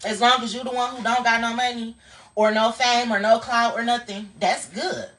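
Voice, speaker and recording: A woman's voice: a little high, fairly even intonation, normal speed, a bit bright, recorded from a distance. Blunt, profane woman preaching from afar. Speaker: live streamer. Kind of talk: casual motivational monologue.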